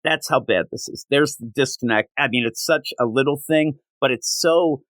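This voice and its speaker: A man's voice: medium pitch, moderate pace, a bit bright, no echo. A man reviewing comic books in a casual spoken rant, sarcastic and exasperated.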